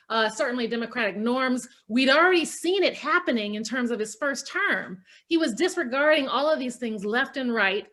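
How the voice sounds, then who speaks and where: A middle-aged woman speaks with passionate emphasis. Her voice sits fairly high, and she builds to forceful peaks. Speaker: guest speaker. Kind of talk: passionate political remarks.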